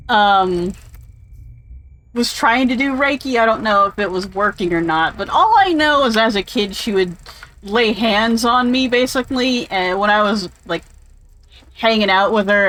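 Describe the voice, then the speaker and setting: Chatty higher-voiced woman rambling over gameplay. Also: fairly bright tone, poor audio. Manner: rambling, chatty, full of tangents and fillers; opinionated, swears casually. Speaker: game streamer. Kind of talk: casual gameplay commentary.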